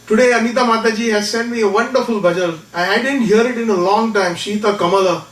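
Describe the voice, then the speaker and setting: High-voiced man telling a story in a lecture. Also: quick pace. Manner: animated storyteller who acts out characters. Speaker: speaker. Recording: echoey room from far off.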